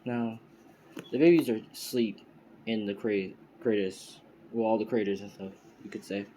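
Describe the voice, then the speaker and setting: A man's voice: fairly low pitch, steady tone, normal speed, dark tone, a little hiss or hum. A man casually telling an improvised fan story in a loose, rambling way, recorded on a phone. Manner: rambling, loose, full of filler. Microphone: phone mic, screen recording.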